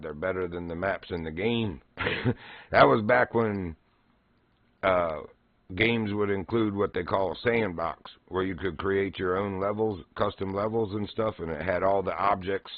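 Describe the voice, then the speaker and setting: A man's voice: sits low, dry recording, highs cut off. A man streaming, casually telling old gaming stories and laughing often. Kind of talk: casual storytelling.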